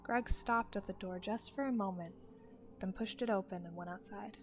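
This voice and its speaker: A woman tells a first-person story in a steady, measured narration. Her pitch sits in a middle range, and faint music runs beneath her voice.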